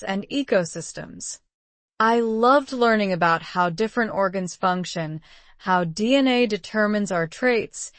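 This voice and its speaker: Lady reading sample exam answers, steady and polished, mid pitch, dry close mic. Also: no echo. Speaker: reader of model exam answers.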